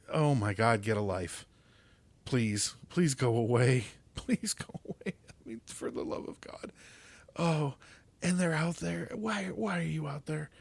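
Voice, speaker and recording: A man's voice: mid-range voice, gravelly, no echo. A man hosts his own podcast and rants alone into a desk mic, swearing constantly and stumbling over repeated words when he gets worked up. His voice sits in an ordinary middle register. The recording is dry, with no room sound around him. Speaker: podcast host. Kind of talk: profane solo rant.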